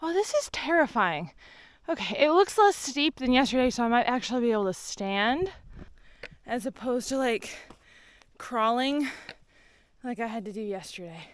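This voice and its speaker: A woman's voice: a little high, lively intonation, normal speed, pauses often. A woman filming a casual trail vlog outdoors on a rocky mountain trail with a handheld camera. She is chatty and exclaims often, then drops to nervous whispers. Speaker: thru-hiker vlogger. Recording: loud wind noise outdoors. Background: loud wind.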